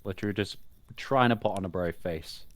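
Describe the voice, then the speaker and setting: A man's voice: low-pitched, normal speed, a little hiss or hum. A man playing a tabletop game, wry and stumbling over his words. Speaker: player.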